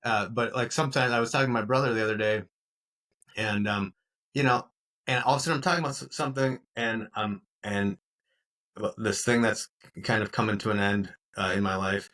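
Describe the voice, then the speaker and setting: A low-voiced man co-hosting a podcast in easy, casual chat. He speaks openly and reflectively, and he is candid about his emotions. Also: steady tone, a little fast, fairly bright tone. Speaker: podcast co-host.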